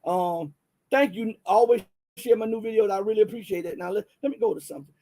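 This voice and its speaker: High-voiced and quick, a Southern US man hosts a casual livestream. He talks straight to his viewers in an animated way, reading from the screen and stumbling through lots of restarts and fillers.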